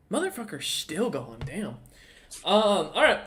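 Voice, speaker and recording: A man with a slightly raised pitch runs a tabletop game as dungeon master. He talks loosely and profanely, stalling on ums and uhs as he narrates and sorts out rules. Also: big pitch swings, fairly bright tone. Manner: casual, profane, halting with many ums and uhs. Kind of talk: running an online tabletop game.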